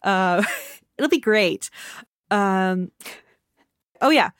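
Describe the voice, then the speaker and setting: A woman's voice: medium pitch, lively intonation, very slow, clear, resonant tone, dry recording. Young female podcast host, loose and chatty, dry close-mic sound, mid-range voice. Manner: chatty, self-deprecating, frequent "um" and "like". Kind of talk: casual chat. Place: her living room at home.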